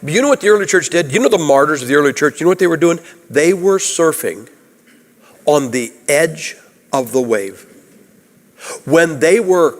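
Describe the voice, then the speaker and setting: American guy preaching, lively, asks the crowd lots of questions, kinda high voice, long echo off the church walls. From United States. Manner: animated, rhetorical questions, acts out quoted voices. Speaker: guest preacher. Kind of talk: sermon. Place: church sanctuary. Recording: long hall reverb.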